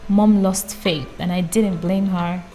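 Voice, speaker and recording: A woman reading a book aloud in a calm, casual way, often stopping to add her own amused comments. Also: fairly low pitch, slow, a little hiss or hum, rough recording. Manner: reads calmly, breaks off for amused personal comments. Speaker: audiobook reader. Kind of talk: casual read-aloud with chatty asides.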